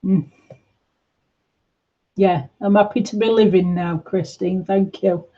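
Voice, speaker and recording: A woman chatting gently on a livestream, answering viewers' comments in a reassuring way. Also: mid-range voice, steady tone, slow, muffled recording. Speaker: livestream host. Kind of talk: casual livestream chat reading comments.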